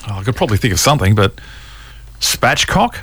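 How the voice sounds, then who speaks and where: A man's voice: on the low side, sing-song, a little fast, fairly bright tone, dry recording. A man co-hosting breakfast radio, playful and teasing, cracking jokes with his co-host.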